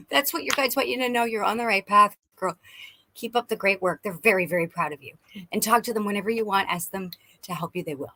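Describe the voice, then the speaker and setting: A woman giving an effusive, excitable psychic reading on a live stream, often breaking into laughter. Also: mid-range voice, brisk. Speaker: psychic reader.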